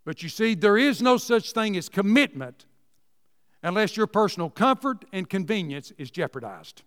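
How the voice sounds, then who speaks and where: High-voiced preacher in a hall. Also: male voice, sing-song, moderate pace. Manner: folksy, emphatic, repeats phrases for emphasis. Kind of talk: sermon.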